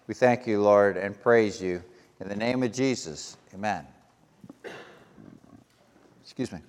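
Stuttering pastor in a reverberant church. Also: male voice, lowish voice, normal speed, a little mellow. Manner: stutters, self-deprecating, informal asides. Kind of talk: sermon with prayer and scripture reading. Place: church sanctuary.

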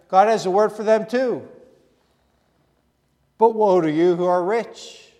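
A man preaching with an earnest, steady delivery, building his points through short repeated phrases. His voice sits a bit higher than most men's. A long reverb trails after his words. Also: measured pace, pauses often. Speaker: pastor. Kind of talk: sermon.

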